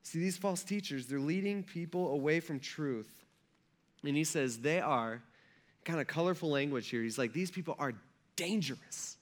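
A man's voice: fairly high pitch, moderate pace. A male pastor preaching a casual sermon, telling stories in a conversational way full of "like" and acted-out quotes. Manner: conversational storytelling with lots of "like" and voiced quotes.

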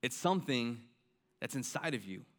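A man's voice: mid-range voice, expressive, moderate pace. A young man preaching a sermon in an earnest, conversational way, repeating key lines and tossing in "right?" and "I mean.". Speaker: pastor.

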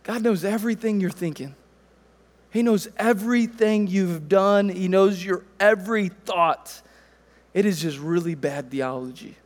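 A man in his thirties preaching a sermon, telling a family story in a relaxed, conversational way. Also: high-pitched, a little slow, big-room sound. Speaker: pastor.

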